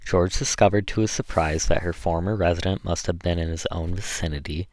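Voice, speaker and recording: A man narrating a classic novel as an audiobook, reading in a measured way with small slips. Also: low-pitched, steady tone, darkish tone, dry recording.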